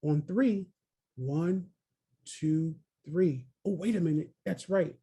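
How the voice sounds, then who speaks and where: A male trainer presents over a video call, encouraging his listeners and calling on them by name. His voice sits a little high for a man, with a husky, gravelly grain and a mellow, dark tone. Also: slow. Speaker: early childhood trainer. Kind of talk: webinar presentation.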